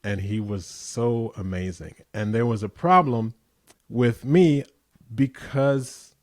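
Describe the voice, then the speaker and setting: A middle-aged man guest in an interview, telling relaxed anecdotes with easy laughter. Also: medium pitch, slow pace, no room sound, studio quality. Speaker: guest musician. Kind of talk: casual interview chat.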